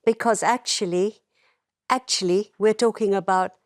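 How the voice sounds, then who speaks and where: A woman speaking as a studio guest in a radio debate, forceful and indignant. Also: medium pitch, steady tone, moderate pace, no room sound. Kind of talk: panel debate.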